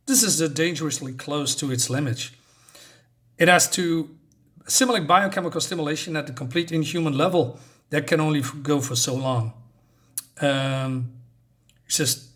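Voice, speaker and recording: A man's voice: on the high side, moderate pace, long pauses, fairly bright tone. A man casually recapping a comic book's plot, rambling and hesitant, often losing his thread. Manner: rambling, many fillers and restarts. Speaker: comic reviewer.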